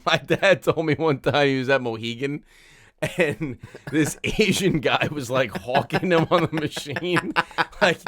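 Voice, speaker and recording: A man's voice: a little high, a little slow, fairly bright tone. A man co-hosting a podcast, reacting with frequent laughter and swearing in casual chat. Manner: profane, laughs often, reacts a lot. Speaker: podcast co-host.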